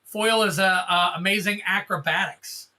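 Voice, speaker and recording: A man's voice: high-pitched, fairly even intonation, moderate pace, pushed and bright. A man hosting a card-opening livestream, chatting in a rambling, jokey way and calling out cards as he opens them. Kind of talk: casual livestream chat.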